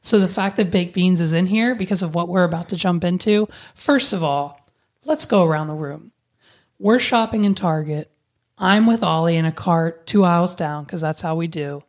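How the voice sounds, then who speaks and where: A young adult woman hosting a casual podcast, chatty and quick to tell stories, swearing freely. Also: fairly low pitch, darkish tone. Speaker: podcast host.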